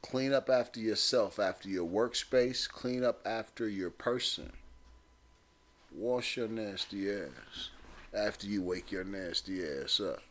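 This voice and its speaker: A man's voice: on the low side, slow. A man hosting a talk show, giving blunt, streetwise advice and repeating his points for emphasis. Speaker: podcast host.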